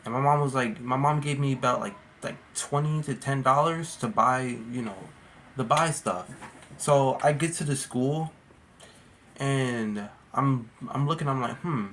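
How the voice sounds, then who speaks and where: A man's voice: mid-range voice, measured pace, a bit bright, a little hiss or hum. Rambling young man telling stories. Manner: rambling, slangy, peppered with "bro" and "like". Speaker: vlogger. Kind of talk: casual storytime monologue.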